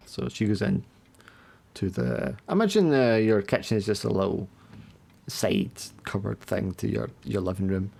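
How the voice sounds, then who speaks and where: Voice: sits low, normal speed, vocal fry, a little mellow, husky. A game master casually narrating a tabletop role-play scene, with many fillers.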